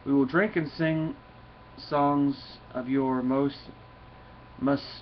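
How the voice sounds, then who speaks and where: A man's voice: mid-range voice, fairly even intonation, takes it slowly, lightly acted. A man voicing an earnest, deferential female Viking warrior in formal speech, with dull lo-fi sound and faint noise.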